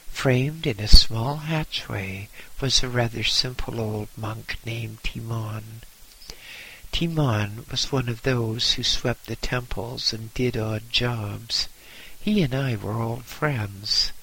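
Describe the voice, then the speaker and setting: A man telling a first-person story as an audiobook narrator, dramatic and at times almost whispering. His voice is bright and breathy. He reads at a slow, deliberate pace. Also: mid-range voice, low-quality recording. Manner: dramatic, with some whispered passages.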